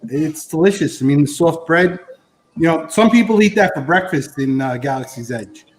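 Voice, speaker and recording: On a live stream, a man from Florida acts as a guest food correspondent, casually describing the food while he eats and rambling with many ums and uhs. His voice is on the high side with lively intonation at normal speed, captured in low-quality audio.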